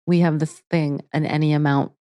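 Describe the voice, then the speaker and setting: Female interview guest, warm and earnest, dry close sound. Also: low-pitched, flat delivery, brisk, clean tone, dry recording. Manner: earnest, with frequent restarts. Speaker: guest, integrative therapy teacher. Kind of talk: casual interview talk.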